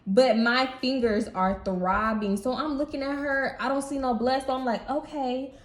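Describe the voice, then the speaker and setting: Young woman spilling a story to her viewers, slangy and lively, echoey room. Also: fairly high pitch, moderate pace. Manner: animated, slangy, talks straight to viewers. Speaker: beauty vlogger. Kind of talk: casual storytime chat. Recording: roomy echo.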